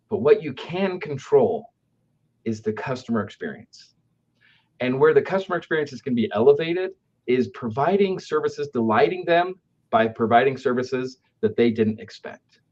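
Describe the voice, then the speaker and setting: A man's voice: mid-range voice, animated, normal speed, a little mellow. A man telling stories about customer service in a conversational way, often asking "right?" to check in with the listener. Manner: anecdotal, keeps asking "right?". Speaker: aftercare company speaker. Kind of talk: conversational business storytelling. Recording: dull lo-fi audio.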